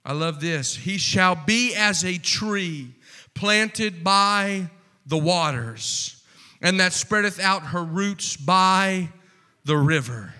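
A man preaching a sermon, slow and impassioned, building to fervent repeated refrains. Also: high voice, animated. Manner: impassioned, rising to near-shouting with repeated refrains.

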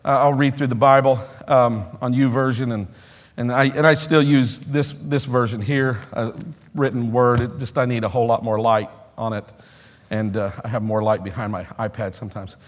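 A middle-aged male pastor preaching a sermon in a church, rising from quiet talk to shouted exhortation with call-and-response. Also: mid-range voice, steady tone, moderate pace, big-room sound. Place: church sanctuary.

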